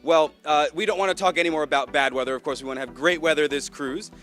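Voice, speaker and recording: A young man from Florida hosts an evening show as the cruise director, upbeat and joking with the audience. His voice sits a touch high, and soft music runs underneath. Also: quick pace. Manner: upbeat showman patter with corny jokes. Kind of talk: stage announcing to a theater audience.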